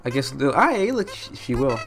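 A man hosting a let's play, chattering excitably through the game with goofy, self-mocking jokes. His voice sits at an ordinary middle pitch. Game music plays clearly behind him. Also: moderate pace. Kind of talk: gameplay commentary.

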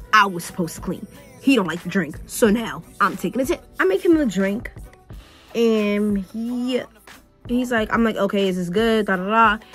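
A young woman vlogger chatting while getting ready, telling a story in an animated, sassy way full of slang. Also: mid-range voice.

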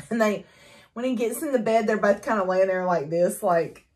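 A woman chatting casually as she recaps a novel for her book review, animated and full of fillers and laughs. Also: mid-range voice, moderate pace.

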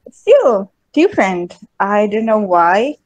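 A woman's voice: medium pitch, very animated, slow. A woman with a mixed American and British accent, an English learner asking questions while searching for words. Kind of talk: conversational questions.

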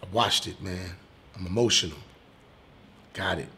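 A male comedian telling a personal story in an interview, animated and casual, swearing now and then and getting loud when excited. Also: sits low, normal speed, slightly rough.

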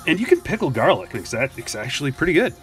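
A man's voice: on the high side, big pitch swings, fast talker, a bit bright, faint music behind. A man chatting casually on a live stream as he opens packs of trading cards, joking and answering his chat. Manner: chatty, jokey, reads chat aloud. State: a little out of breath. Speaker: card break streamer.

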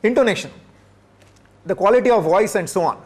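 Man, professor lecturing, fairly high voice, emphatic rhetorical questions. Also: lively intonation, fairly quick, darkish tone, husky. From India. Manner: repeats for emphasis, asks the audience rhetorical questions. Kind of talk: lecture to teachers.

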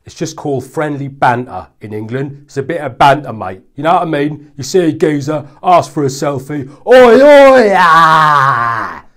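A man putting on a brash young English lad, shouting high and loud, raucous chanting, yobbish jeering. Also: a little fast, few pauses, close to an everyday voice.

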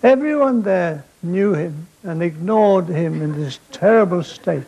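An older man telling comic stories on stage in a rambling, deadpan way, with an audience laughing. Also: high-pitched, measured pace, dull audio. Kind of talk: stage storytelling.

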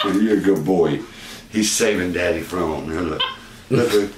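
A deep-voiced man speaking at normal speed talks affectionately to his pet at home, laughing often. He's a pet owner and channel host, recorded indoors in an echoey room with background noise.

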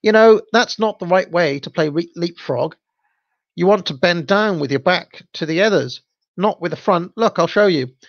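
A man's voice: high-pitched, expressive, normal speed, no echo, lo-fi sound, voice pushed up. A man voicing a bossy, meddling little girl in a storybook reading, lecturing others on the right way to do things. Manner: know-it-all, lecturing.

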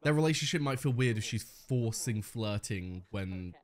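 A man's voice: fairly low pitch, lively intonation, normal speed, soft background music. A young man giving casual reaction commentary on a show, swearing freely and laughing often. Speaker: reaction video host.

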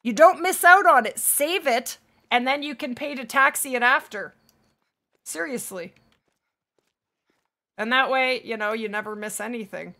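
A woman's voice: sits high, vocal fry, sharp tone. A woman streaming a hunting game live, chatting casually and thanking viewers by name.

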